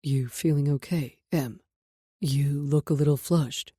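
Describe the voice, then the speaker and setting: A woman doing a deep-voiced teasing rich man. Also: fairly even intonation, unhurried, mellow, husky, no room sound, clean studio sound.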